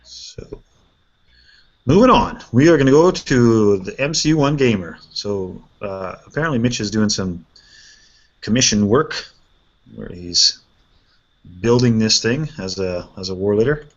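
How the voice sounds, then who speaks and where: A man hosting a casual chat, reviewing painted miniatures in a relaxed way and thinking aloud with fillers. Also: lowish voice, a little slow, long pauses. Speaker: host. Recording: dull lo-fi sound.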